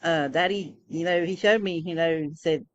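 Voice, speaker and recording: A woman's voice: low-pitched, moderate pace, dull audio. A woman rambling through a casual personal monologue, full of fillers and restarts. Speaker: vlogger.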